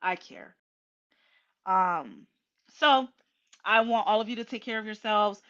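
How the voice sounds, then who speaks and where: A woman host talking slowly and emotionally to her viewers, with many pauses, ums and restarts, near tears. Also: mid-range voice, fairly bright tone, dull audio. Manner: tearful and emotional. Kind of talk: casual heartfelt livestream talk.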